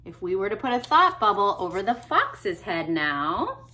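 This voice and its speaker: A woman speech therapist reading a picture book aloud to children, gentle and encouraging, stopping to ask questions. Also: medium pitch, very animated, normal speed. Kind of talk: read-aloud lesson for kids.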